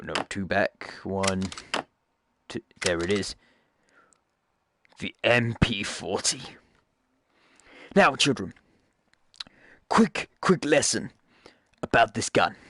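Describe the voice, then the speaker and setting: A man's voice: fairly low pitch, a bit bright, no room sound, clean studio sound. A man giving casual gameplay commentary, rambling and joking, often cutting himself off to correct what he just said. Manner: rambling, jokey, self-correcting asides. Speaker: gaming YouTuber.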